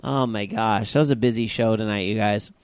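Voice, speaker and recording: A man's voice: fairly low pitch, steady tone, fairly quick, clear, resonant tone, no echo, studio quality. A man hosting a podcast, wrapping up the show in a casual, rambling way with many fillers. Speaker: podcast host.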